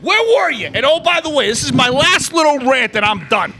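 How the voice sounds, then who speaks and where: A man, co-hosting a podcast, ranting loudly about basketball with constant swearing and frequent shouting. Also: very high-pitched, animated, brisk, slight background noise. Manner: loud, swearing, shouting often. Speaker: podcast co-host. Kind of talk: profane sports rant.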